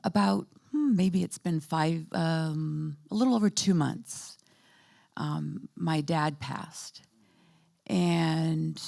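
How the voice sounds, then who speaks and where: Low, gravelly-voiced woman sharing a testimony. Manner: halting and soft-spoken, with many pauses and fillers. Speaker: church panel speaker. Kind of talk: personal testimony. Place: church.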